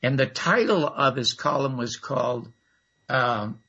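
Male radio guest, animated and husky, rambling storyteller, dull lo-fi line. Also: medium pitch, unhurried. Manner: rambling, with fillers and lively asides. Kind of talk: casual anecdotal storytelling.

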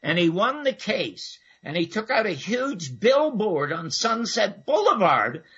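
A man's voice: high voice, sing-song, unhurried, pushed and bright, breathy edge, lo-fi sound. A man telling a rambling anecdote as a radio guest, full of fillers and asides. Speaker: guest storyteller. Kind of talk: casual anecdotal storytelling.

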